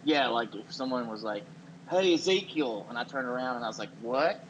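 A man playing a self-important small-town doctor who talks in a deadpan, halting way and blurts out acted-out quotes. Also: mid-range voice, a little hiss or hum, close to an everyday voice, rough recording. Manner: deadpan, halting, acts out quotes with sudden loud "What?". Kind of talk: improvised comedy character.

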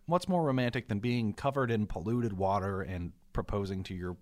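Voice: low-pitched, moderate pace, a little mellow. A podcast co-host talking casually about a film in a wry, hesitant way, stammering at times and acting out quoted lines.

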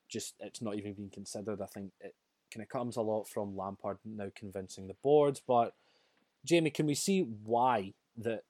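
A man's voice: on the low side, darkish tone, no room sound. A man co-hosting a casual football chat, talking chattily with frequent restarts and laughs. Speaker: podcast co-host.

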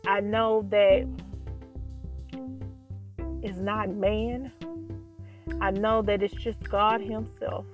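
Crying woman thanking god over and over, slow gravelly voice, soft music behind. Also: a little high. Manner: fervent, repetitive, praising God. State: crying happy tears. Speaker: podcast host. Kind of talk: emotional personal testimony.

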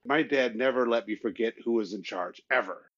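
Male podcast co-host, mid-pitched, earnest storyteller who animates quoted voices, slightly muffled lo-fi audio. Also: normal speed, a bit bright. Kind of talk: casual chat.

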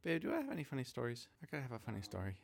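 A man's voice: mid-range voice, wildly swooping pitch, rapid-fire, vocal fry, crowd noise. A young man co-hosting a casual podcast, reacting playfully and joking about himself. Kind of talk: casual chat.

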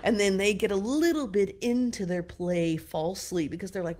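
A woman giving a casual teaching talk, loose and chatty, full of "you know" and "like", giving gentle direct advice to her listeners. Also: medium pitch, moderate pace, background noise. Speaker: wellness teacher.

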